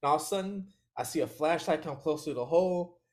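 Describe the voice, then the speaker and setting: A man's voice: a little high, quick pace. A man as an interview guest, telling a story in casual chat. He talks with animation, laughs often and acts out other people's lines.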